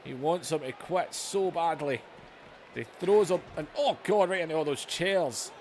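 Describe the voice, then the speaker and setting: A man giving excitable play-by-play commentary over a video game, going from low chatter to yelling. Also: measured pace, slight background noise. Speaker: gaming channel host.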